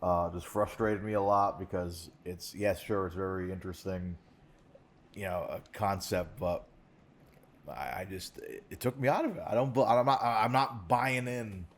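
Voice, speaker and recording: Low-voiced man rambling in podcast chat. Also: normal speed. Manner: rambling, many restarts and "like"s, animated asides. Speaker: podcast co-host. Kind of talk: casual chat. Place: podcast studio set in a recording studio.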